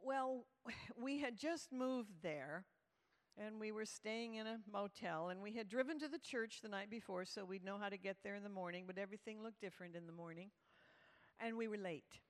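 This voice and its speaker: A woman telling a humorous story to a live audience at a church event, animated and lively. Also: medium pitch, moderate pace. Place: large hall with live audience. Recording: reverberant hall.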